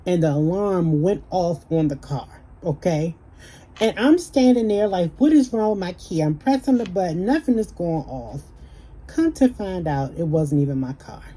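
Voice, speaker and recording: A woman's voice: low-pitched, warm tone, breathy edge, rough recording. A young woman, chatting with viewers in a casual Q&A vlog and telling stories. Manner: chatty, storytelling, addresses viewers as y'all. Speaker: YouTuber.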